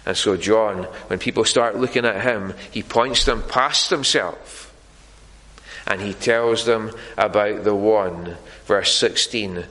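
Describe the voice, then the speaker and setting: A man preaching a sermon in a church, earnest and deliberate, pausing often on fillers. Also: on the low side, sharp tone, big-room sound, low-quality recording.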